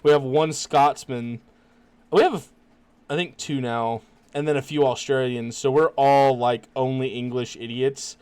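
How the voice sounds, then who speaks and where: A man's voice: medium pitch, fairly even intonation, normal speed, darkish tone, clean tone, no echo. A man hosting a casual podcast chat, laid-back, swearing often and laughing easily. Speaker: podcast host.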